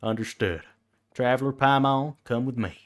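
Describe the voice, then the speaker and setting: A man's voice: medium pitch, moderate pace, natural voice. A man reading out lines for a stern female knight commander in a silly cowboy voice, formal and stately. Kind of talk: reading game dialogue aloud on stream.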